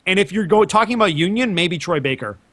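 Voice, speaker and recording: Young male voice actor, casual, playful, slightly high pitch, dry close mic. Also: expressive, a bit bright, no echo. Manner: playful, quick to slip into impressions. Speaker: voice actor guest. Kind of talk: casual chat with voice impressions.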